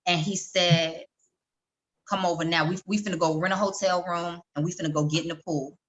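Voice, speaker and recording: A middle-aged woman, a guest in a conversation, telling a personal story in an animated way and acting out the voices of the people she quotes. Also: fairly low pitch, fairly quick, lo-fi sound.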